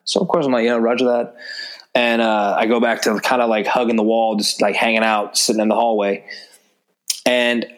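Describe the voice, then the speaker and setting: A man's voice: lowish voice, little pitch movement, brisk. A man, a podcast guest and former special agent, telling stories loosely with lots of fillers and some swearing. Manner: loose and chatty, many fillers and frequent swearing. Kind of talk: casual storytelling.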